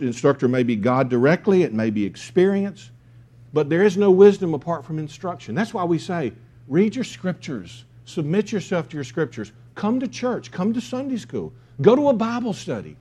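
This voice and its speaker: A man's voice: a little high, very animated, moderate pace, warm tone. A man preaching a sermon, emphatic, with key phrases repeated. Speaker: pastor.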